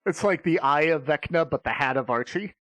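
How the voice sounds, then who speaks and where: A man's voice: fairly high pitch, brisk, fairly bright tone, dry recording. A man hosting a gaming podcast, playful and joking, with stumbling restarts. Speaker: podcast host. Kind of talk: casual chat.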